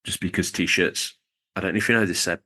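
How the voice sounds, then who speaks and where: A man's voice: low voice, fairly even intonation, brisk, bright, forceful tone. A man co-hosting a podcast, chatting in a jokey, rambling way while reading out supporters. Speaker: podcast co-host. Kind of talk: casual podcast chat.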